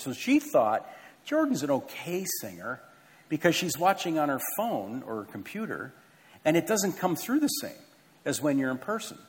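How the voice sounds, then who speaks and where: A man's voice: fairly high pitch, huge pitch swings, normal speed. A middle-aged man, a pastor, giving church announcements from the pulpit in an earnest, conversational way with self-deprecating asides. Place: large church sanctuary with a balcony. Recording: long hall reverb in a church.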